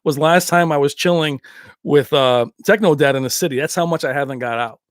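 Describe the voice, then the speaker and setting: A man hosting a late-night tech livestream from his house, loose and rambling after a few drinks. He laughs often and drifts off-topic while reading the chat. His voice sits slightly high and sounds close and dry. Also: brisk, no echo. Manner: laughs often, slips into movie impressions. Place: his own home.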